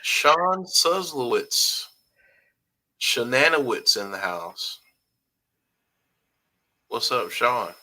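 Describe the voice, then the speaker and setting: A man's voice: medium pitch, big pitch swings, drawn-out words, pauses often, sharp tone, rough recording. A man hosting a casual live-stream talk show, reading viewer comments aloud in an easygoing way. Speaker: host.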